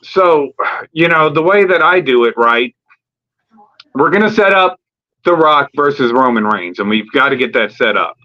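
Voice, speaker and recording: A man hosting a live wrestling talk stream, ranting casually and profanely about storylines, rambling with fillers and acting out quick promo bits. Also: medium pitch, expressive. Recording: lo-fi streamed audio.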